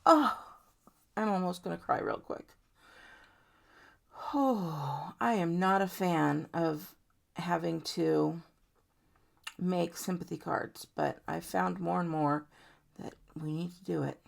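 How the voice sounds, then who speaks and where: Female craft tutorial host, low gravelly voice, casual and conversational. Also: slow. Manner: chatty, warm-hearted, talks to viewers directly. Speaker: card-making tutorial host. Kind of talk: casual step-by-step crafting demo.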